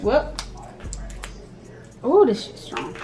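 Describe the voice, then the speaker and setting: A woman's voice: sits high, very animated, drawn-out words, dark tone. A young woman chatting casually and teasingly while she cooks for her channel. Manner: playful, teasing, slangy. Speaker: cooking vlogger. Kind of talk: casual cooking chat.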